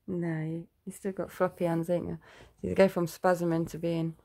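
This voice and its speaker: A mother in a home video, gently coaxing her baby in sing-song baby talk and calmly explaining to the camera. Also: on the low side, normal speed, creaky.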